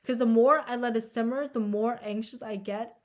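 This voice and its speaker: A woman's voice: fairly high pitch, steady tone, normal speed. A young woman vlogging in a casual, rambling monologue, anxious and self-deprecating, filling her talk with "like" and swearing. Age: young adult. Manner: rambling, heavy "like" filler, frequent swearing.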